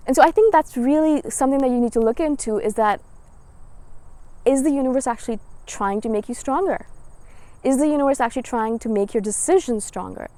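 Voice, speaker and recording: A woman's voice: sits high, fairly quick, warm tone, no echo. A woman in her thirties talking to camera in a casual, encouraging vlog monologue. She repeats her points over and over and urges listeners to return to their reasons. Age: 30s. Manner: earnest, repetitive, encouraging, acts out quoted voices. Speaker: spiritual vlogger.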